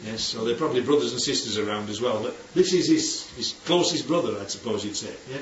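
A man talks quickly in a mid-range voice during an informal Bible teaching, often asking his listeners questions and checking they follow. The sound is distant, dull and roomy, with faint noise.

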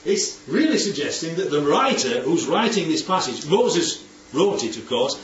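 A man teaches a Bible study group with a fairly high, very lively voice, often asking if his listeners agree. He sounds far from the mic in a roomy space. The recording is dull, with faint background ambience. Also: moderate pace. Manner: animated, asks for agreement often.

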